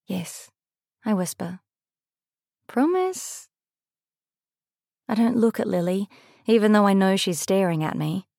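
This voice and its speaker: A young adult woman reading a first-person audiobook in a measured, lightly expressive way. Her voice sits mid-range. The recording is dry and close to the mic. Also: mid-range voice, creaky, no echo. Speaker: audiobook narrator.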